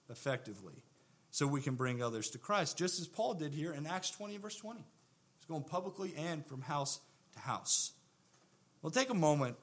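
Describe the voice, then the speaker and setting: A man's voice: fairly high pitch, fairly bright tone. A young man preaching a sermon to his congregation, earnest and emphatic, repeating words for stress.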